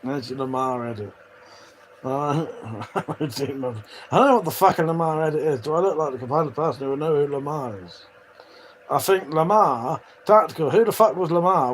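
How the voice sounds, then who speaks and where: A man's voice: a little high, lively intonation, moderate pace, slight background noise, low-quality recording. A man hosting a livestream, casually chatting, swearing often and laughing as he reads viewer comments. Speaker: livestream host. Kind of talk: casual live chat reading viewer comments.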